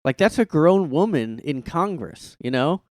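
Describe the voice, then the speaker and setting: Male podcast host, rambling rant, constant filler words, profane, smooth clear voice, dry close mic. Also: a little high, expressive, a little slow, a little mellow, no echo. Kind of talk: casual solo podcast rant. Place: his room.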